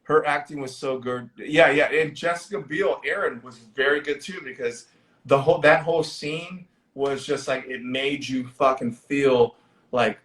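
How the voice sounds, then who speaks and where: A man hosting a casual movie discussion on a livestream, animated and profane as he retells scenes. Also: medium pitch, a little slow, reverberant. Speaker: podcast host.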